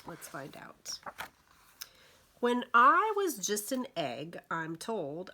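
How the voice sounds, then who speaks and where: A woman librarian reading picture books aloud to young children, gentle and expressive. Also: medium pitch, very slow, long pauses. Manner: gentle, expressive storyteller for toddlers.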